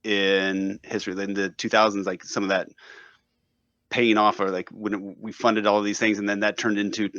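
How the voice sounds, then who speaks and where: A man with a fairly low voice muses and hedges in a relaxed chat, leaning on "like" as he thinks aloud. The sound is dull and slightly muffled, dry with no room around it. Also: moderate pace, no echo. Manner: thoughtful, hedging, many "like" fillers. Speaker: radio host, podcast guest. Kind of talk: casual conversation.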